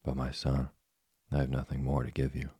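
A man voicing a patient, kind old woodcarver father in a storybook reading, calm and gently lecturing. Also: very deep voice, moderate pace, husky, no echo, clean studio sound, heavily acted. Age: older.

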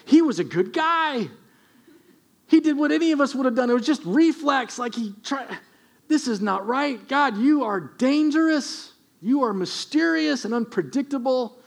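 A man doing shrill, outraged ancient men. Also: expressive, moderate pace, vocal fry, heavily acted. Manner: shrill, pleading protest. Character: panicked, indignant group of ancient men.

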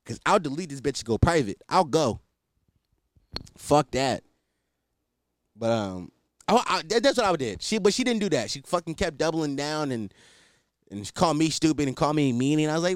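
A man's voice: on the high side, expressive, normal speed, long pauses, no room sound. Profane rambling young man, dry sound. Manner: profane, rambling, self-deprecating. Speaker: podcast host. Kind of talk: casual solo podcast rant.

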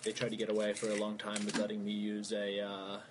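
A man's voice: on the low side, monotone, brisk, heavy background noise. A young man from Baltimore, a guest in a casual podcast interview, telling stories in an easygoing, rambling way with fillers. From Baltimore, USA.

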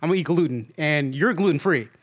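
A man co-hosting a casual podcast, telling his side of a story in a chatty way, often trailing into quiet asides. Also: a little high, lively intonation, fast talker, dull audio. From Southeast Asia. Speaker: comedian co-host.

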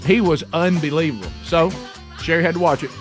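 A man's voice: on the high side, brisk, music in the background. A man hosting a radio show, telling a rambling story with lots of restarts. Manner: rambling, self-interrupting storyteller. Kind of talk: casual talk radio storytelling. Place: radio studio.

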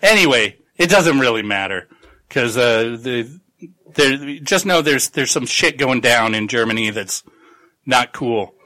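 A man's voice: mid-range voice, animated, unhurried, pushed and bright, rough recording. A man on a podcast casually recapping a novel's plot, rambling and swearing as he acts out the characters. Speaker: podcast co-host.

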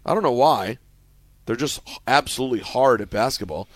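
Guy hosting sports radio, animated jokey banter, dry studio mic sound. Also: mid-range voice, a little fast, no room sound. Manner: animated, jokey, leads segments. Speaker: radio show host. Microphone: studio microphone.

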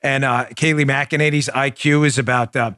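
A man's voice: mid-range voice, steady tone, normal speed, bright, forceful tone, no echo, clean studio sound. A man hosting a political talk show, emphatic and combative, speaking straight to his listeners and reading ads.

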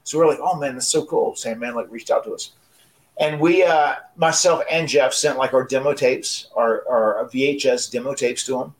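A man in his forties telling a casual story on a podcast, animated and often repeating words as he restarts sentences. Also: mid-range voice, normal speed, poor audio. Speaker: wrestler and podcast co-host.

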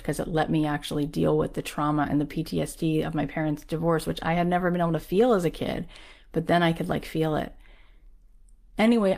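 A woman's voice: sits low, darkish tone. A woman telling a personal story in a casual, chatty way, full of "like" and acted-out quotes of other people. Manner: chatty, peppered with "like"; acts out the people she quotes. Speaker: guest sharing a personal story.

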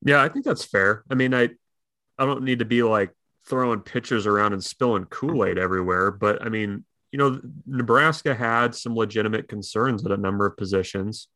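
Casting note: lowish, bright male co-host, dry close sound, loose chatty delivery. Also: brisk, no room sound. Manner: chatty, laughs easily, many restarts. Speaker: sports talk co-host. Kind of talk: casual sports chat.

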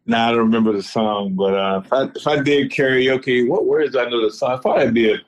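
A middle-aged man from North Carolina, a former football player, telling stories in a relaxed, laughing way and repeating his phrases as he talks over a phone. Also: mid-range voice, fast, poor audio. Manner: laid-back, laughs often, repeats phrases. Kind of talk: casual storytelling over the phone.

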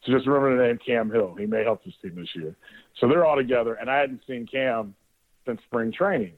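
A man's voice: mid-range voice, a little fast. A male sports radio host telling a casual, rambling story on air, sometimes swearing and often restarting his sentences. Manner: rambling, profane, with frequent restarts. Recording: dry, narrowband phone-like audio.

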